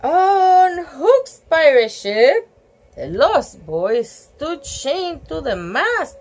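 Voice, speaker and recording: A woman reading a picture book aloud and stopping often to gasp and chat about the pictures. Her voice is high and very lively in pitch. She reads at an unhurried pace. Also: rough recording. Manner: animated, gasps and exclaims over the pictures. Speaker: storybook reader.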